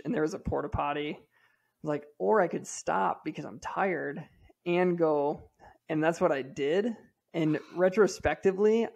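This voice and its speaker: Man, 30s, slightly high voice, gravelly, casual storytelling, self-deprecating. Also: a little mellow. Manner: candid, self-deprecating, lots of fillers. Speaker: podcast regular telling a race story.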